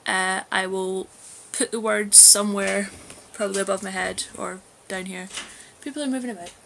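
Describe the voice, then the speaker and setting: A young woman from Scotland with a Glaswegian accent, chatting casually in a vlog at home and reading a list of words aloud clearly. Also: medium pitch, steady tone, slight background noise. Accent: Glaswegian Scottish. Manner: chatty, slow, reads words out loud and clear. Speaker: vlogger. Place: flat, indoors.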